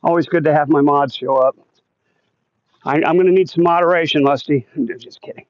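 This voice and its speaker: This livestream host strolls a neighborhood outside, chatting casually and reading out comments from viewers. He speaks briskly in a fairly high voice with fairly even intonation, captured in a dry, dull, lo-fi recording.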